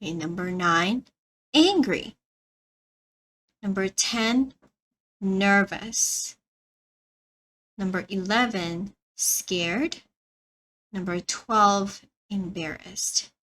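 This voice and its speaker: A woman leads a beginner English lesson, taking her time and saying each word with care. Her pace is very slow and her tone is bright and clear, and she repeats phrases so learners can follow. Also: medium pitch, poor audio. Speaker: English teacher.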